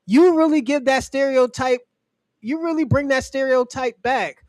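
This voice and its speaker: At a moderate pace, a man hosting a livestream mocks and swears through a loose rant, often laughing. His voice is high for a man and a little mellow, heard close and dry with no echo.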